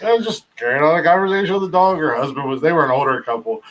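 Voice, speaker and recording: A man's voice: fairly high pitch, rapid-fire, slight background noise, rough recording. Blunt, swearing podcast co-host man. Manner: blunt, swears, chuckles through his stories. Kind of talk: casual chat.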